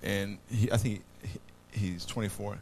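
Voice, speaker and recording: A man preaching a sermon as pastor, swinging between loud bursts and hushed low passages. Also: fairly even intonation, moderate pace, gravelly, a little hiss or hum. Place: church.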